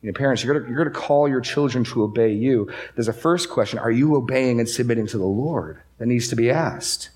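A male pastor delivers a sermon to a gathered congregation, his voice sitting at an ordinary middle pitch. He drives each point home by saying the important lines twice, slow and deliberate. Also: darkish tone. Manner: emphatic, repeats key phrases for stress. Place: church room with a congregation.

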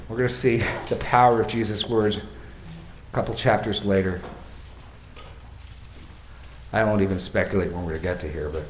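A male pastor preaching an expository sermon, swinging from quiet, slow remarks to loud, emphatic readings and acted-out quotes. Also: lowish voice, echoey room, a little hiss or hum.

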